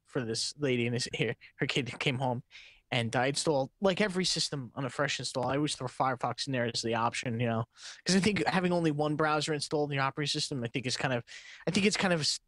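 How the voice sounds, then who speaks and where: A man co-hosting a podcast, telling stories in a casual, animated way and laughing often. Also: mid-range voice, fast, no echo. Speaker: podcast co-host. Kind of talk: casual chat.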